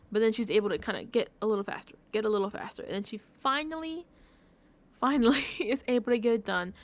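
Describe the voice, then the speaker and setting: A woman vlogger recapping a reality show in a casual reaction chat, talking emotionally and effusively, full of "like" and breaking into laughs. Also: on the high side. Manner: effusive, emotional, filler-heavy with frequent "like"; laughs between phrases.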